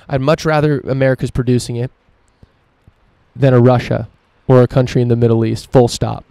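Male podcast host, solo rant, profane and emphatic, smooth dark voice, little melody. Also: mid-range voice, flat delivery, brisk, no echo. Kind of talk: solo opinion podcast monologue.

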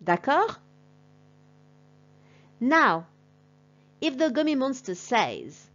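Woman language teacher with a lively, up-and-down voice, paced very slowly for a class, on a dull lo-fi recording. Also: sits high. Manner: slow, deliberate and encouraging, like addressing a class.

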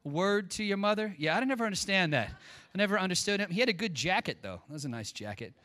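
A middle-aged man preaching in a church, talking in a bright, forceful voice pitched a touch high. He jokes and chats with the congregation in a casual sermon. The sound rings with long reverb from the sanctuary. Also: fast talker. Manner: joking, chatty, animated asides. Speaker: pastor.

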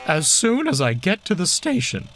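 A man's voice: sits high, wildly swooping pitch, moderate pace, a bit bright, faint music behind, pitched above the performer's own voice, exaggerated voice. A man voicing a fussy, anxious female car who is prim and easily offended, in a storybook reading. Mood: weary.

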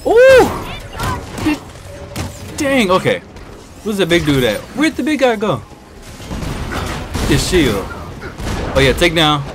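A man giving excitable live commentary while playing a video game, trash-talking and whooping at the action. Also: a little high, unhurried, long pauses. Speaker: gaming YouTuber. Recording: game music playing behind.

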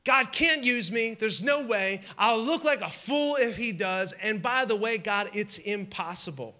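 A man's voice: sits high, measured pace, bright, forceful tone. A man voicing a very old woman who doubts and frets, pleading in exasperation. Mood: fretful. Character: very old doubting woman, anxious and self-mocking.

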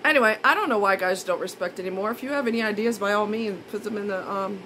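Woman vlogger ranting to camera, blunt and indignant, mid-pitched voice, faint hiss behind. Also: fast talker, bright, forceful tone, low-quality recording. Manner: blunt, indignant, repeats points for emphasis. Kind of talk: casual monologue to camera.

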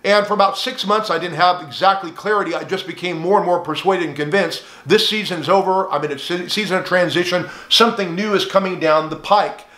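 A man's voice: high-pitched, a little fast, few pauses, pushed and bright, roomy sound. A man teaching a sermon, earnest and direct, addressing the listener as friend. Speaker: pastor.

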